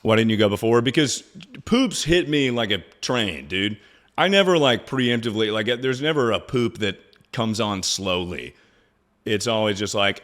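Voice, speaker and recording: A man's voice: mid-range voice, expressive, moderate pace, a bit bright. A young man streaming live, chatting casually in a rambling, crude way and laughing often.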